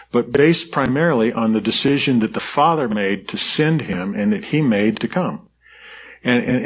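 A pastor with a slightly rough mid-range voice delivers an earnest, conversational sermon. He frequently restarts his sentences and lets out soft laughs.

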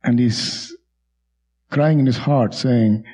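A man speaks very slowly in a mellow, husky voice on a video call. He reflects earnestly in a group discussion, quoting scripture at length. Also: mid-range voice, fairly even intonation, low-quality recording. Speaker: Bible study group member.

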